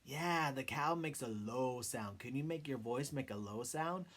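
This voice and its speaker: A man's voice: mid-range voice, a little slow, fairly bright tone. A man leading a children's sing-along lesson, coaxing the kids with questions and cheerful encouragement. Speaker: children's music teacher.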